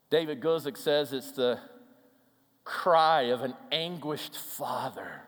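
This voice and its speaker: A pastor delivering a sermon from a church stage, emphatic and often dropping to a hushed voice. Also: male voice, high-pitched, animated, moderate pace. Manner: emphatic, with soft hushed passages. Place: large church hall. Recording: long hall reverb.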